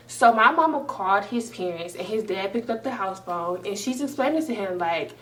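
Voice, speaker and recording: A young woman vlogger telling a story in an animated, emphatic, profane way. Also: mid-range voice, normal speed, distant mic. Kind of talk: storytime vlog.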